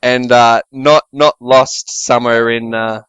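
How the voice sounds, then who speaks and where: A man co-hosting a podcast, trading crude, deadpan jokes in casual comedy banter. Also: slow pace, clean tone, no echo. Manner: crude, deadpan banter with sudden jumps in pitch. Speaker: podcast co-host.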